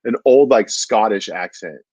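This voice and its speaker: A stand-up comedian with a lowish, mellow, husky voice rambles through a story in casual chat at a normal speed, sounding animated. He says "dude" constantly and packs in fillers like "like." The recording is dull, lo-fi and dry, with no echo.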